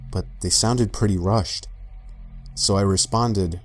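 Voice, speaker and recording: A man narrating a scripted horror story in an even, matter-of-fact way. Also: on the low side, takes it slowly. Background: faint background music.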